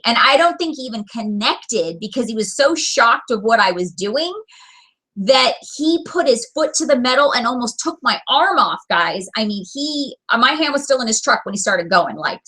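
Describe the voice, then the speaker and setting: Woman vlogger, bright tone, lively storyteller sharing a motivational business anecdote. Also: a little high, normal speed, low-quality recording. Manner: animated storyteller, acts out quoted voices. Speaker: direct sales business owner.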